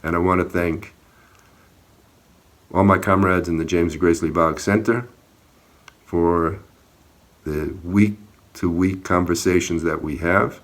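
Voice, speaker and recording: Taking it slowly and pausing often, a man with a low, fairly even voice shares a personal account in a video. As an activist, he describes an outdoor encounter earnestly and plainly, sometimes growing heated.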